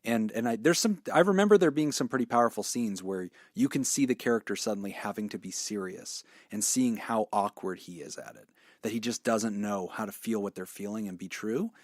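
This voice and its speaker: A man's voice: lowish voice, brisk, dry recording, clean studio sound. A man in his thirties co-hosting a podcast in casual chat, joking and laughing often. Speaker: podcast co-host.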